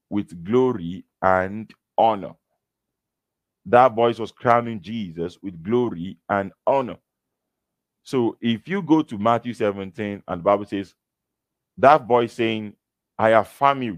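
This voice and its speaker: Low-voiced male preacher, dry close sound. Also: no echo. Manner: slow, emphatic reading of verses with explanations. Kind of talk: sermon teaching from scripture.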